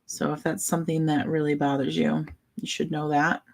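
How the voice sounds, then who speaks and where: A woman vlogger chatting in a relaxed, meandering way, thinking aloud while she colors. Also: low-pitched, moderate pace, vocal fry, low-quality recording.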